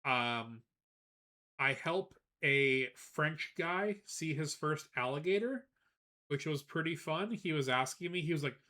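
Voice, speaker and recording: A man streaming live, chatting casually and telling a rambling, animated story with frequent laughs, greeting viewers as he goes. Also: a little high, a little slow. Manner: greets chat viewers between anecdotes.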